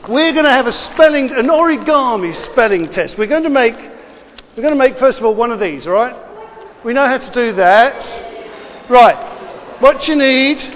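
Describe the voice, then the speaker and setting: High-voiced man teaching children. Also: lively intonation, a bit bright, big-room sound, a little hiss or hum. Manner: brisk, encouraging, repeats instructions. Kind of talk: classroom instruction. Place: classroom with children.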